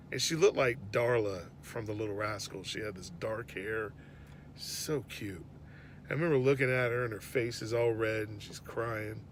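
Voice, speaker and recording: A man telling an earnest, reflective faith story about his daughter, often dropping to a hush. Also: medium pitch, slight background noise. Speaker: father sharing a faith reflection. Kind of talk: personal devotional storytelling.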